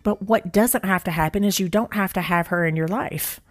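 A woman giving a motivational talk, blunt and emphatic, repeating her key phrases, slowing down to stress her words and swearing casually. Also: lowish voice. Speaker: motivational speaker and author.

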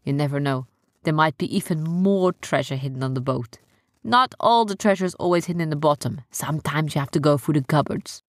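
A woman's voice: deep voice, brisk, no echo, clean studio sound, close to an everyday voice. A woman voicing boastful male boat-thief pirates who chat and gloat. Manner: chatty, gloating.

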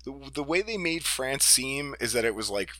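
Young male co-host, lively pitch, laughs a lot, acts out quotes. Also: normal speed, no echo. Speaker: podcast co-host. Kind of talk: casual chat.

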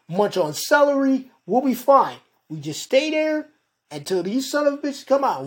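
A woman's voice: fairly high pitch, a little mellow. A woman podcast host delivering a heated, profane monologue and calling her listeners "folks". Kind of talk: ranting monologue.

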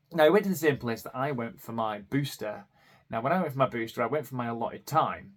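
A man, hosting a podcast and telling personal stories in a rambling way with self-deprecating asides. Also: mid-range voice. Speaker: podcast host. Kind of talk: casual personal storytelling.

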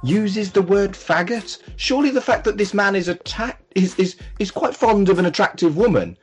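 A man co-hosting a comedy podcast, making dry, deadpan asides. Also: sits high, moderate pace, husky, soft background music. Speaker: podcast co-host. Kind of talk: casual comic banter.

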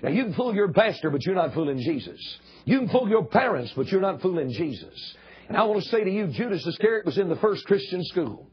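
An older man preaches in a church in a very husky, rough voice that sits rather high. He drives his points home with emphatic repetition and pleading appeals. The recording sounds dull and lo-fi. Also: sing-song, fairly quick. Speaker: guest preacher. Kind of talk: sermon. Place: church building.

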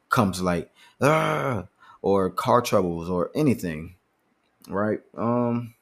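A man hosting a podcast, talking earnestly and casually about handling anger, often repeating words as he thinks. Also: low voice. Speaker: podcast host. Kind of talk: casual motivational talk.

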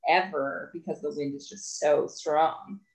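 A woman's voice: low-pitched, fairly even intonation, a little slow, creaky, rough recording. A woman podcast host from central Iowa, chatting casually with her guest and laughing along readily. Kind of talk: casual interview chat.

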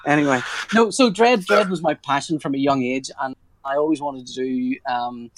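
Fairly high-pitched and brisk, this man's voice comes with a little hiss or hum. He's a forties-aged comic artist in a casual interview, rambling, breaking off his own sentences, and cracking jokes.

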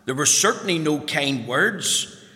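A man telling a story to children, lively and asking them questions as he goes. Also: on the high side, measured pace. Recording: long hall reverb.

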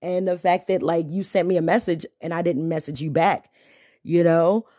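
A young woman hosts her podcast close to the mic, with a dry, dead sound. She chats casually and uses slang. Her pitch leaps high when she gets indignant. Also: normal speed, dry recording. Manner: animated, exclaims with sharp pitch jumps when indignant; slangy, conversational. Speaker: podcast host. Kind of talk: casual storytelling monologue.

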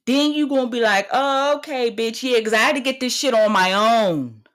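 A woman's voice: fairly high pitch, a little fast, a bit bright. Brash, profane woman in her thirties. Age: 30s. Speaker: podcast host. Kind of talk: solo podcast rant.

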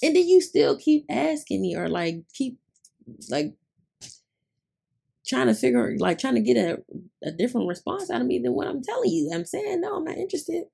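Raspy, laughing woman telling a story. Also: sits high, normal speed, long pauses. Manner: laughs often, animated retelling. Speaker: podcast host. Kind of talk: casual storytelling chat.

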